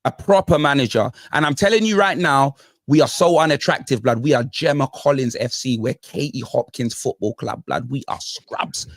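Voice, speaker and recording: A man's voice: medium pitch, moderate pace, dry recording, clean studio sound. A man hosting a football panel, ranting animatedly about his team with heavy slang. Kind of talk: heated football banter.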